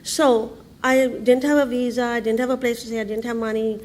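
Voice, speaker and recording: Speaking fairly quickly in a fairly high voice, a lively Indian woman entrepreneur gives a humorous storytelling talk on a conference stage before an audience. She laughs a lot, uses frequent fillers, and keeps restarting.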